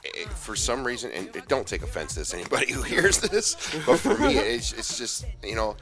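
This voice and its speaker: A man in casual podcast banter, teasing his friends and telling drawn-out stories. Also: mid-range voice, wildly swooping pitch, over music. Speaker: podcast co-host.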